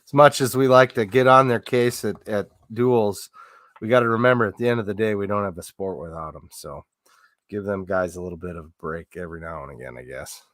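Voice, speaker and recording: A man's voice: fairly low pitch, fairly quick, a bit bright, no echo, clean studio sound. A man co-hosting a casual sports podcast, telling stories in a rambling way with lots of fillers and restarts. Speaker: podcast co-host.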